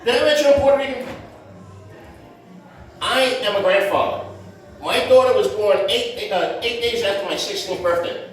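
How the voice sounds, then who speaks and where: Brash high-voiced middle-aged comic, roomy. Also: male voice, moderate pace, long pauses, a little hiss or hum. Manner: brash, self-mocking storytelling with street slang. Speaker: stand-up comedian. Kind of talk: stand-up comedy set. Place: comedy club stage. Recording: roomy echo from far off.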